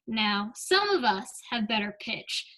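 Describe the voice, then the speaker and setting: A woman's voice: fairly high pitch, big pitch swings, a little slow, sharp tone, rough recording. A young woman giving an upbeat speech and debate lesson, often checking in with "right?" and "okay?". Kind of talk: instructional talk with comic asides.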